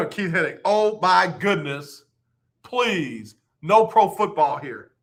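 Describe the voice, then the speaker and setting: A man's voice: high voice, animated, slow. A man hosting live sports talk radio, joking and repeating his points for effect into a studio microphone.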